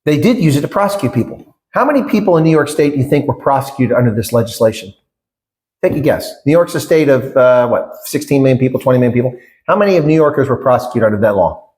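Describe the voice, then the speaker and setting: A man's voice: medium pitch, animated, fast, darkish tone. A middle-aged man answering interview questions in a conversational way, emphatic and indignant, with rhetorical questions and short laughs. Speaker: interview guest, former election candidate.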